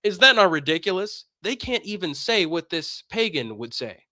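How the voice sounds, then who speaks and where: A man's voice: high-pitched, very animated, moderate pace, pushed and bright, no room sound, studio quality. A man giving impassioned religious commentary on a stream, combative and emphatic, firing off rhetorical questions.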